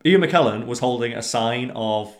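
A man chatting casually on a podcast, telling stories in an animated way and swearing freely. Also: mid-range voice, normal speed. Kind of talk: casual chat. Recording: roomy echo.

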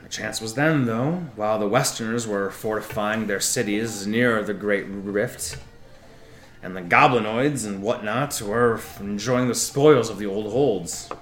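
A man narrating a tabletop game as game master, telling a character's backstory in a slow, drawn-out way with laughs and restarts. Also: on the low side, roomy sound, soft background music.

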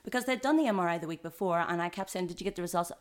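Talking in a rapid-fire rush with a lowish voice, a podcast guest who has triplets shares her own story conversationally. She is earnest throughout, mimicking other people's voices whenever she quotes them.

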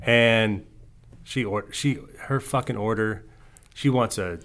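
A man hosting a podcast, telling a story in casual chat with lots of swearing and animated outbursts. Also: fairly low pitch, measured pace. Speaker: podcast host.

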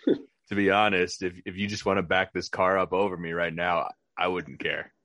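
A man's voice: sits low, flat delivery, normal speed, fairly bright tone. A man co-hosting a podcast who chats casually, making short, wry reactions and teasing jokes. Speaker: podcast co-host. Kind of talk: casual chat.

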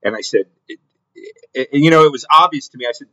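A man's voice: medium pitch, fast talker, bright, forceful tone. A middle-aged man telling a story in a casual podcast monologue, rambling with lots of restarts and repeated words. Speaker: podcast host. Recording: slightly dull lo-fi audio.

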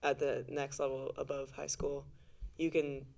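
A man talking as a podcast guest in casual chat, supportive and quick to laugh. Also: medium pitch, completely flat delivery, gravelly, darkish tone.

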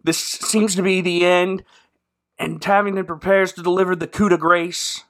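A man's voice: high voice, level tone, moderate pace. A man hosting a casual comedy podcast, rambling sarcastically through a movie recap with fillers and sound effects. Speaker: podcast host.

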